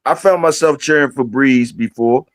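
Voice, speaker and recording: A man's voice: medium pitch, normal speed, no echo. A man hosting a live stream, chatting loosely with viewers in a rambling, profane way and firing questions at them.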